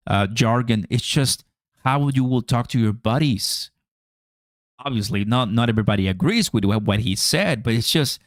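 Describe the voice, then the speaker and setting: A man's voice: medium pitch, dry recording, studio quality. A man hosting a crypto livestream, chatting casually to viewers in a slangy way and laughing often.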